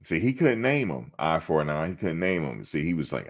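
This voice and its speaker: A man's voice: low-pitched, sing-song, brisk. A man hosting a sports livestream, chatting casually and teasing the viewers who comment. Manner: teasing, talks back to chatters. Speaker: sports channel host.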